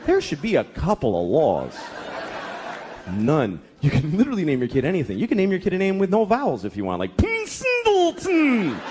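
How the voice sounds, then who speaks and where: A man's voice: a little high, wildly swooping pitch, a little fast. A man in his thirties doing stand-up comedy, profane and exasperated, sometimes acting out voices. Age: 30s. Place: comedy club stage before a laughing crowd. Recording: live club recording with crowd noise.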